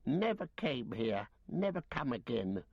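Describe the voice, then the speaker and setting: A man's voice: mid-range voice, big pitch swings, a little slow, vocal fry, slightly rough, dry recording, voice pushed up, full character voice. A man reading aloud and voicing Gollum, a wretched, starving, fearful male creature who whines and whimpers. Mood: whining. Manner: whining, whimpering. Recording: dull lo-fi recording.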